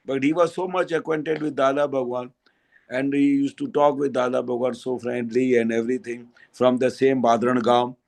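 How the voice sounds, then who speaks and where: An older man with a Gujarati accent giving a spiritual satsang talk, telling anecdotes in a halting way with fillers and restarts. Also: mid-range voice, level tone, vocal fry, darkish tone, poor audio. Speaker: spiritual speaker.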